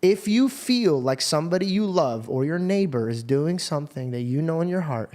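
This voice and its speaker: A man hosting a podcast, telling a personal story in a casual, profane, animated way. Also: a little high, normal speed. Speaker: podcast host.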